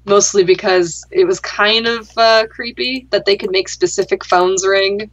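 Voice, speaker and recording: A woman's voice: mid-range voice, fairly even intonation, a little slow, lo-fi sound. A young adult woman hosting a gaming chat, telling a story casually in a dry, sarcastic way and swearing freely. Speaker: gaming channel host.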